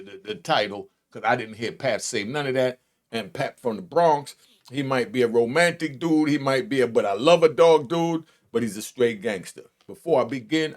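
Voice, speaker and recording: A man in his sixties hosting his own show, telling a rambling prison story in casual street slang, full of asides and restarts. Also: mid-range voice. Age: 60s. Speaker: host.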